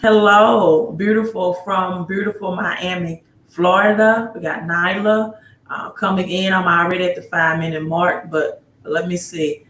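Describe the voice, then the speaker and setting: A woman's voice: fairly low pitch, steady tone, unhurried, fairly bright tone, slight background noise. A woman hosts a casual livestream, talking straight to her viewers with loose, rambling delivery and rhetorical questions. She greets people one by one and circles back to her point. Her voice rings with the echo of a bare room. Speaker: livestream host giving financial advice. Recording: roomy echo.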